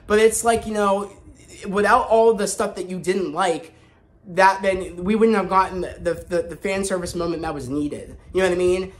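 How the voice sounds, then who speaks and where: A man hosting a casual spoken review vlog, talking in an excited, rambling way with frequent restarts. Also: high voice, moderate pace. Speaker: host.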